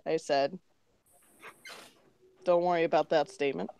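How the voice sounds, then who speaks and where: A woman's voice: mid-range voice, lively intonation, moderate pace, no echo. A woman co-hosting a podcast, reading crude fan fiction aloud for laughs and giggling through it. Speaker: podcast co-host.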